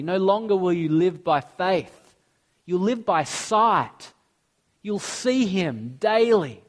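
Man, thirties, pastor, earnest sermon, slightly high voice. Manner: earnest preaching with personal stories.

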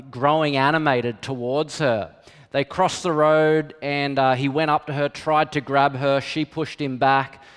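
A man's voice: mid-range voice, clear, resonant tone. A middle-aged man, preaching a sermon in a candid, conversational storytelling manner with self-deprecating humour. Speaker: pastor. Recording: long reverb of a hall.

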